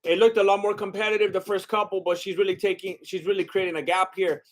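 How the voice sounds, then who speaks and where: Young male streamer, high voice, loose excitable fight commentary with chat asides. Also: fast talker. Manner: excitable, exclaims at big shots, chats with viewers. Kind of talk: casual live commentary and chat.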